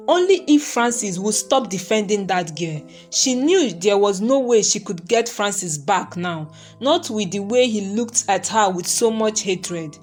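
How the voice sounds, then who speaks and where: Woman narrating a story over soft music. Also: mid-range voice. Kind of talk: scripted narration of a folktale.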